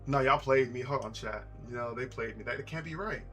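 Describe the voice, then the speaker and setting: Bright-voiced young man chatting to his stream. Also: medium pitch, brisk. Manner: chatty, animated, talks to chat. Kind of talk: casual live-stream chat while building. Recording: faint music playlist behind.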